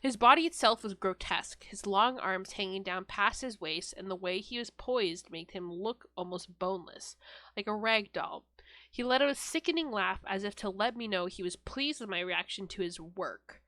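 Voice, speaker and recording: Young woman podcaster reading creepy stuff deadpan, bright voice, dry close sound. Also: medium pitch, moderate pace, no echo. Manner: reads flatly, breaks into laughs and swearing. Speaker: podcast co-host. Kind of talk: comedic reading of a horror story.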